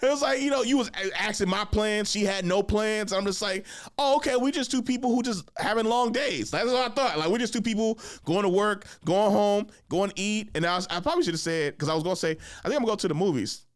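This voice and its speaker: A young man hosting a podcast, telling funny stories in a casual chat, jumping into high voices to act out other people and laughing along. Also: fast talker, dry recording, studio quality. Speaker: podcast host. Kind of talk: casual storytelling monologue.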